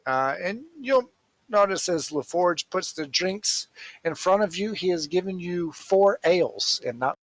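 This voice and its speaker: Guy running a tabletop game, talks real slow, gravelly voice, kinda high. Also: expressive, poor audio. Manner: slow, rambling, casual with fillers and swearing. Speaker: game master.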